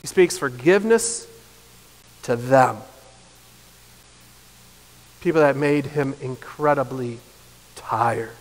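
A man, preaching a sermon as pastor, earnest and building to impassioned emphasis before dropping soft. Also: medium pitch, takes it slowly, pauses often. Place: church sanctuary. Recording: long reverb of a church hall.

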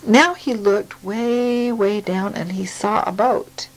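A woman reading a picture book aloud to a child, gently and slowly, stopping to ask questions. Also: mid-range voice, rough recording.

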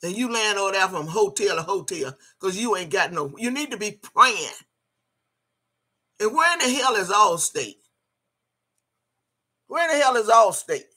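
An older woman delivers a heated rant straight at someone she disapproves of. Her voice is sharp and forceful, and she curses freely and repeats phrases over and over to drive her points home. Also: mid-range voice, lively intonation, moderate pace, pauses often, slightly rough. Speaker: video blogger. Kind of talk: ranting commentary.

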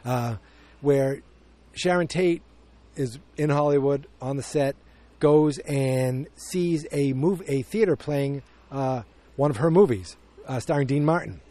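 A man's voice: medium pitch, a little slow, warm tone. Rambling man reviewing a movie. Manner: rambling, self-correcting, opinionated. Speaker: podcast host. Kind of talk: casual movie review chat.

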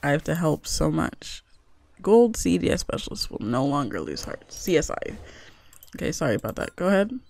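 A young woman talks casually through a gaming video, reading the game's text aloud between chatty asides. Her pitch swings widely and her voice carries a gravelly fry. She fills her sentences with "like" in an easygoing, rambling way. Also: big pitch swings, normal speed, a little mellow. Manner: chatty, full of "like" fillers, reads game text aloud. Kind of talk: casual let's-play commentary.

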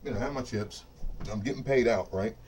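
With slight background noise, a fairly low, darkish voice rattles off a fast, unscripted rant to camera. The speaker is a middle-aged craps dice-control host in a home studio built for rolling dice, swearing casually, bragging, fired up, and leaning on "you know what I mean."

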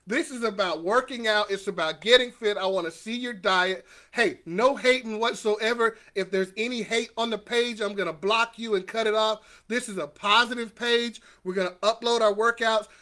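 A middle-aged man hosting a live motivational talk, energetic and repeating affirmations for viewers to say back. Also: high-pitched, normal speed, few pauses. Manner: greets viewers by name. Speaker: host of a weekly motivational livestream.

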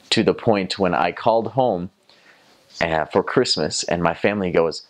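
Young Southern American guy, very deep voice, relaxed and reflective storyteller. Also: a little slow. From North Carolina, USA. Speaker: returned missionary. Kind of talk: casual storytelling to camera.

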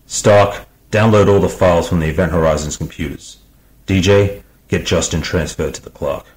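A man's voice: sits low, normal speed, darkish tone, lightly acted, poor audio. A man voicing a cold, angry starship captain in an audiobook, with clipped commanding lines.

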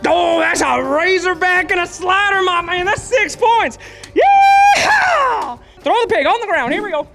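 A man hosting a comedic segment at an esports event, talking in an exaggerated, excitable way and often shouting. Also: extremely high pitch, fairly quick, creaky, loud music behind the voice. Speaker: event host. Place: esports event venue, indoors.

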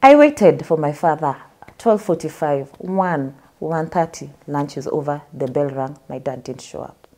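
A woman's voice: low-pitched, lively intonation, measured pace, mellow. A young Kenyan woman telling her life story as a guest in an interview, acting out the voices of the people she quotes.

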